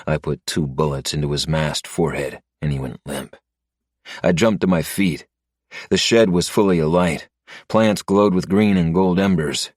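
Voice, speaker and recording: A man narrating a first-person story in a low, steady manner. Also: moderate pace, no room sound, studio quality. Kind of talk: scripted narration.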